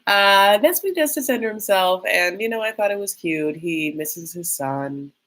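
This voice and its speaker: A woman hosting a live TV reaction stream, talking casually with lots of fillers and quick, gossipy bursts. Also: medium pitch, animated, fairly bright tone. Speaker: reaction show host.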